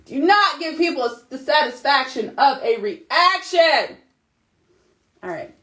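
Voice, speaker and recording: A woman's voice: high-pitched, very animated, slow, a bit bright. A woman in her thirties, a mom talking casually and animatedly to her followers, emphatic and repetitive. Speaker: mom vlogger. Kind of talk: casual motivational monologue.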